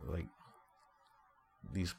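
A man's voice: very slow, warm tone. A man in his thirties chatting casually on a podcast, rambling and self-deprecating with a joking manner. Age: 30s. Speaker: podcast co-host. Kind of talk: casual chat.

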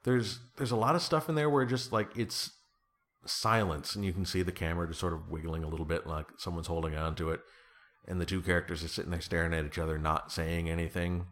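Very low-voiced man rambling casually. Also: steady tone, fast talker, fairly bright tone. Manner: rambling, self-deprecating, trails off with fillers and restarts. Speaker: guest being interviewed. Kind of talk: casual conversation.

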